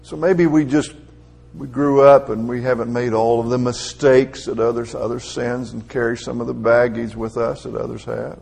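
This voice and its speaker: Middle-aged guy preaching, husky gravelly voice, chatty then really punches it up. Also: medium pitch, little pitch movement, normal speed, darkish tone. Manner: conversational preaching that rises to emphatic peaks. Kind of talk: sermon.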